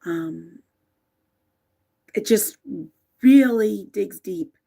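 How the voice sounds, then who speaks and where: A woman hosting a live stream, talking haltingly and emotionally with many pauses and restarts, partly reading aloud from her own writing. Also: mid-range voice, vocal fry, mellow. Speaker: livestream host.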